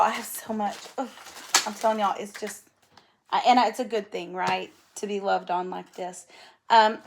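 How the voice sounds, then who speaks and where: A woman hosting a cross-stitch video, chatting casually and gushing enthusiastically over gifts she shows. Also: mid-range voice. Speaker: flosstube host. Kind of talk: casual show-and-tell chat.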